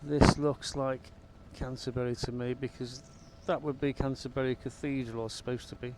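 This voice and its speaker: A man's voice: mid-range voice, flat delivery, normal speed, background noise. A man giving casual, rambling commentary while flying a helicopter in a VR game, with wry asides. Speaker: gamer flying a VR helicopter sim.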